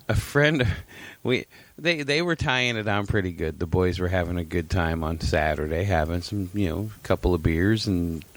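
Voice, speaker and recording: A man's voice: low voice, measured pace, dry recording. A man co-hosting a podcast, telling a long, rambling story in casual chat, swearing freely and laughing often. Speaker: podcast co-host.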